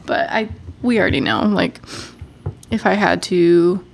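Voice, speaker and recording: Young woman co-hosting a podcast, stuffy nose, bit low and gravelly, rambly and laughing. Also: fairly even intonation, unhurried, a little hiss or hum. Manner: rambling, self-interrupting, laughs often. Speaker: podcast co-host. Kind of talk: casual chat.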